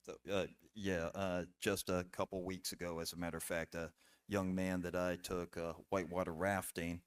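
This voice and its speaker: A middle-aged man, a podcast guest, telling stories in an earnest, halting way with restarts and fillers. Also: low-pitched, little pitch movement, smooth. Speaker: podcast guest, former bailiff. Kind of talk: casual storytelling conversation.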